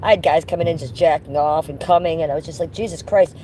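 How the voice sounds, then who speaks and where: Woman streamer, low-ish voice, casual rambling chat to viewers, occasional smoker's cough, phone mic outdoors, faint traffic behind. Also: fairly even intonation, quick pace, dark tone. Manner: chatty, rambling, talks to her chat by name. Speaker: live streamer. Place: outdoors, walking around.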